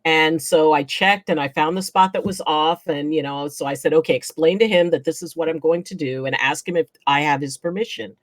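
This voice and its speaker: A woman with a slightly low voice chats casually as a guest. She tells her stories with animation, acting out what people said and breaking into laughs. Her voice sounds dry and close, with no room echo. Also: fairly quick, hardly any pauses. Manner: animated, acts out quotes, laughs often. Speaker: guest chiropractor. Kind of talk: casual storytelling chat.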